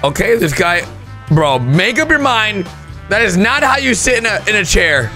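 Excitable young man commentating gameplay. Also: sits high, faint music behind. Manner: excitable, quick outbursts and shouts. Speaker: gaming commentator.

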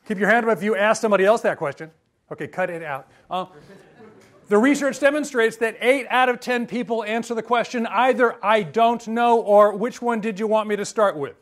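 A man's voice: sits high, fairly quick. A man giving a humorous university lecture, joking and quizzing his audience. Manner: lively and joking, asks the audience questions.

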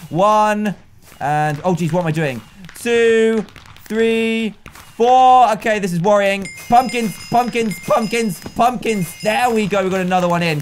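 A young British man giving excitable, chatty gameplay commentary as a YouTuber. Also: sits high, slight background noise. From Britain. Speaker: gaming YouTuber.

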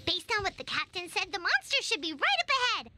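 A woman voicing a chipper young female adventurer in a game, lively and upbeat. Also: extremely high pitch, quick pace, loud music behind the voice, full character voice. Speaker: game character.

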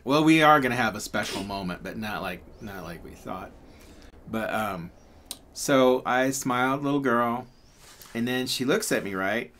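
A man's voice: medium pitch, measured pace, a bit bright, slight background noise. A man telling a story casually, rambling and chatty, with lots of fillers and laughs. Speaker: pyrography channel host.

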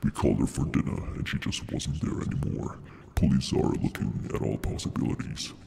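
A man voicing a sinister, deep-voiced male narrator with a gravelly, whispery voice during a gaming stream. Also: brisk, dark tone, big-room sound, a little hiss or hum, lightly acted. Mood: menacing.

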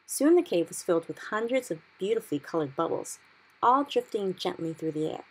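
A woman reading a children's book aloud in steady narration. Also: fairly low pitch, brisk, breathy edge. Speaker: reader. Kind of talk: storybook read-aloud.

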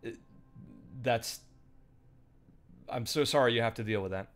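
Give me a man casually commentating a game stream, mid-pitched, with soft music behind. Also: a little slow. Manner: chatty, thanks viewers, mutters asides.

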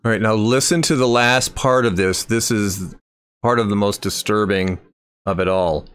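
A man's voice: fairly low pitch, normal speed, fairly bright tone, clean tone. Incredulous man critiquing a clip. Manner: incredulous, critical, rambling with restarts. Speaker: commentator. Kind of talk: video commentary.

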